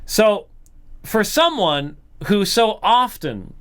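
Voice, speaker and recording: The host of an apologetics commentary program speaks in a smooth, resonant voice pitched a little high, with a bit of brightness. He's very animated yet slow, talking casually and slipping into mimicking voices mid-sentence.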